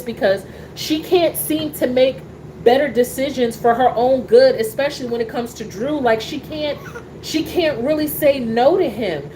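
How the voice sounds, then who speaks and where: A woman talks in a casual show, animated and sassy, full of fillers and restarts. Her voice sits a little high. A faint hum of room noise stays under it. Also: low-quality recording. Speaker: soap opera talk show host. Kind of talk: casual chat reacting to a soap opera.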